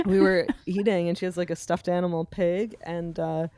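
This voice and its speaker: A woman co-hosting a comedy podcast, telling a lively anecdote and laughing easily. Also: fairly low pitch, moderate pace, no echo. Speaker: podcast co-host. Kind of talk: casual comedic chat.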